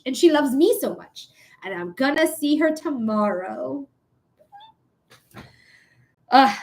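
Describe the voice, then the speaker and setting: A woman in her thirties chats on a home livestream in a high, light voice. She rambles in a loose, goofy way and slips into giggles often, talking straight to her viewers. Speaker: livestream host and reader. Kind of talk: casual livestream chat.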